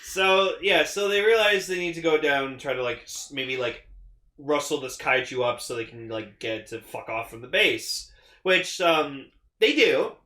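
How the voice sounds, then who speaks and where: Young guy podcast host, hyped recap, bright pushy voice, echoey room. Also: a little high, moderate pace. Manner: excitable, swears a lot, acts out characters' lines. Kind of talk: casual chat recapping an episode.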